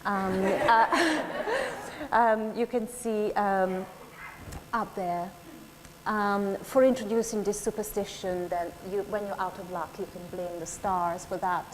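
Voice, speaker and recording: A woman interviewing an actor in a public talk, speaking softly and hesitantly with many ums. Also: mid-range voice, takes it slowly. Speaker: interviewer, academic. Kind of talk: stage conversation, lecture-like. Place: lecture hall before an audience. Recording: echoey hall with faint noise.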